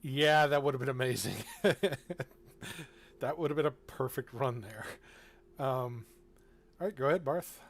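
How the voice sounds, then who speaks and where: A man acting as game master, narrating a tabletop game in a relaxed way, often chuckling and filling his talk with ums and uhs. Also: mid-range voice, unhurried, a little hiss or hum. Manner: relaxed, chuckling, with filler-heavy asides.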